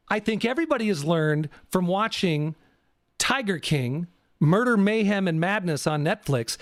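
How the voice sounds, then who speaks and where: A man with a notably high speaking voice rants as a podcast host, loose and animated, tripping over restarts as he jumps between asides. The sound is dry and close, with no room around it. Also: dry recording. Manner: animated, rambling, frequent restarts. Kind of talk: casual comedic rant.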